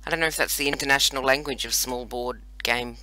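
With a bright, forceful, medium-pitched voice and a steady tone, a roughly forty-year-old Australian man talks quickly through casual gameplay commentary. As a let's play host he keeps up chatty, self-mocking, playful banter, recorded dry.

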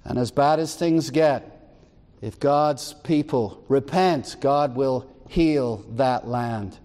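A man's voice: medium pitch, takes it slowly, darkish tone, long reverb tail. A man preaching a sermon as pastor, reading scripture aloud and firing rhetorical questions at the congregation. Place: church.

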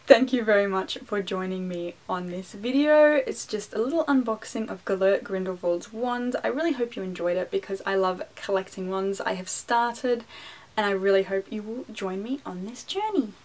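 A young woman with an Australian accent talks through an unboxing in a relaxed, chatty vlog manner. She goes off on tangents and pokes fun at herself with apologetic asides. Her voice sits at an ordinary middle pitch. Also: normal speed. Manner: chatty, self-deprecating, animated asides. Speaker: wand collector and vlogger. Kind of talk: casual unboxing chat.

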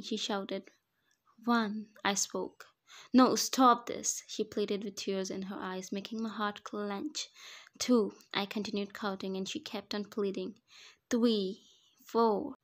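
A woman's voice: medium pitch, natural voice. A woman voicing a menacing, cocky male mafia boss in a fan story reading, with a taunting, commanding manner.

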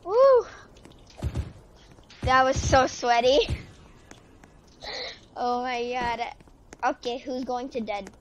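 A woman with a fairly high voice and an unhurried delivery gives live commentary over her gameplay. She is excitable, exclaiming and trash-talking throughout. Clear background noise sits under her voice. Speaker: gamer.

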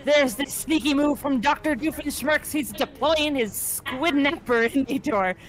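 A woman's voice: sits high, unhurried, soft background music, low-quality recording. A woman doing a hammy pirate captain announcer. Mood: boisterous. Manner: hammy pirate accent, breaking into giggles. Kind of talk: reading an AI battle narration aloud.

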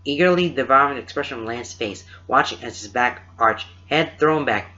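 Man reading a story out loud, steady and unhurried, bright voice, muffled lo-fi sound. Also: medium pitch. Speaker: fan fiction reader. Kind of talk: storybook narration. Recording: dull lo-fi recording.

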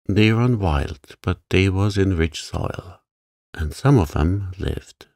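A gruff old gardener grumbles in short, slow phrases, as a man reads him. His voice sits very deep and gravelly, and it sounds dry and close. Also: animated, darkish tone, no echo, full character voice. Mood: grudging. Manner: grumbling, curt, dialect speech.

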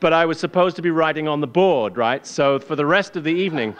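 An English man telling a wry, self-deprecating personal story on stage before a live audience, with halting restarts. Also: on the high side, dull audio. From England.

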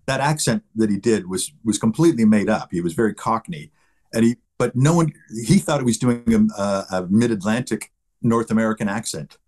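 Brief: middle-aged male guest actor, husky low voice, easygoing anecdotal chat. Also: animated, a little fast, darkish tone. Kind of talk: casual interview chat.

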